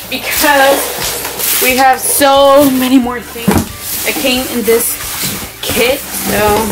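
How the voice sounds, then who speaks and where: A young woman vlogger talks slowly through an excited unboxing, her voice a little high. She keeps gushing over each item in breathless exclamations. Music plays clearly underneath. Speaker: beauty vlogger.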